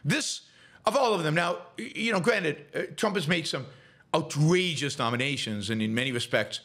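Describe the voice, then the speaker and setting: A man's voice: on the high side, moderate pace, a bit bright. A middle-aged man hosting a solo political commentary show, talking scornfully with many restarts and fillers.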